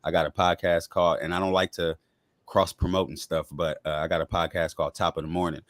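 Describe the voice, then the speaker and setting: Fast-talking man with a deep voice. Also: level tone, a bit bright, no echo. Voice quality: deep voice others remark on. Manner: laid-back, self-promoting, quick-talking. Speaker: guest, rapper and podcaster. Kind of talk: casual interview chat.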